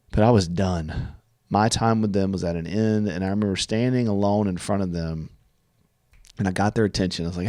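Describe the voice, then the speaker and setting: A man's voice: deep voice, darkish tone, no room sound. A man tells his own story in an earnest, reflective monologue. He often stumbles and restarts his words as he goes. The sound is dry and close, with no room in it. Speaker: podcast guest telling his story.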